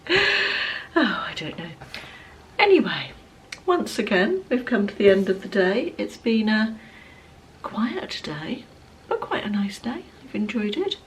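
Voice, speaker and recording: A woman in her fifties chatting casually in a rambling day-in-the-life vlog, full of ums and restarts, sometimes dropping to a soft near-whisper. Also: medium pitch, very animated, unhurried, pauses often, a little hiss or hum. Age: 50s. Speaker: lifestyle vlogger.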